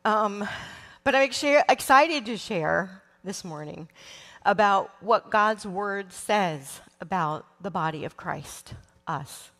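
Middle-aged woman preacher, unhurried and heartfelt, speaking into a stage mic in a reverberant sanctuary. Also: medium pitch, animated. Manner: warm, emotional, slow and earnest with frequent ums. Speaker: children's ministry leader. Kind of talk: church sermon. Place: large church sanctuary. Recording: long church hall reverb.

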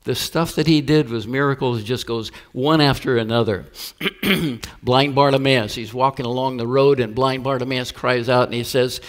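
A man's voice: mid-range voice, fairly even intonation, normal speed. A man pastor preaching a sermon, telling stories and acting out the voices of the people in them. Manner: storytelling with acted-out voices.

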